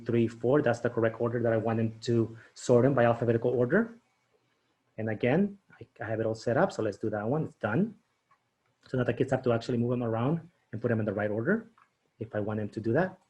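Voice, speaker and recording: A man of ordinary, mid-range pitch runs a teacher training session, thinking aloud as he builds quiz questions. He checks in with his listeners constantly, asking "okay?" and "right?" as he goes. Keys tap now and then in the background. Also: darkish tone, lo-fi sound. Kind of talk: screen-share training demo.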